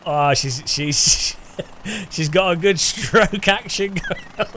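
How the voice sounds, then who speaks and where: Guy doing casual game commentary, giggly and joking, bright voice, kinda high, slow and unhurried. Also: a little hiss or hum. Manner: giggly, laughing often between remarks; cheeky, joking banter. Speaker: gaming channel host.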